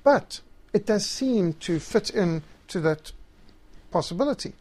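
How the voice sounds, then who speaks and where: A man's voice: high-pitched, expressive, a little slow, darkish tone. A man teaching systematic theology, reading scripture passages aloud and stressing key words. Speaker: Bible teacher.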